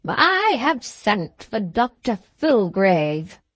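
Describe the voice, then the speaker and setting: A woman's voice: medium pitch, big pitch swings, drawn-out words, no room sound, heavily acted. A woman playing a blustering bedridden old man. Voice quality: loud, blustering.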